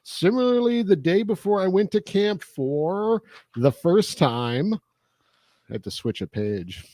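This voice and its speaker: Male co-host reading mail on air; lively pitch, dry deadpan. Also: slow, no echo. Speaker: podcast co-host. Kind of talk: reading a listener letter aloud.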